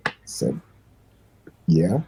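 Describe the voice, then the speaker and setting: An older man, a guest musician, telling animated, fast-paced stories in an interview and acting out the voices of the people in them. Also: a little hiss or hum, rough recording. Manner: fast-talking, acts out voices in his stories, laughs often.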